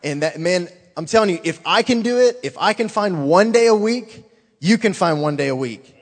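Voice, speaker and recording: A man's voice: high voice, normal speed. Earnest man testifying in a reverberant hall. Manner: earnest, excited, keeps saying "man". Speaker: church youth worker giving a testimony. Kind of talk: informal testimony to a congregation.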